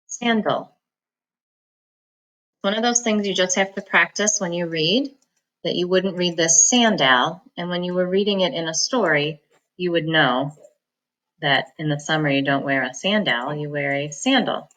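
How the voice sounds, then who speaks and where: A woman teaching a reading lesson, slowly sounding out words and syllables and pausing for the listener to repeat them. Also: lowish voice, fairly even intonation, a bit bright. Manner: slow, patient enunciation of words and syllables; repeats each word for the listener to echo. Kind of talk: phonics lesson, slow and clear.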